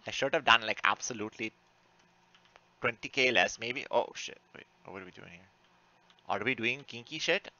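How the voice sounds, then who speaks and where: A man giving live commentary while playing an online game, cursing often and swinging between frantic outbursts and low muttering. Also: normal speed, pauses often, bright, forceful tone, highs cut off. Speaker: gaming streamer.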